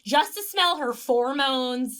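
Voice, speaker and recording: A woman's voice: high voice, a little slow, heavy background noise. A young woman co-hosting a podcast, chatting casually and acting out quotes with laughter. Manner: animated, acts out quotes, laughs. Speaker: podcast co-host. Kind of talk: casual recap chat.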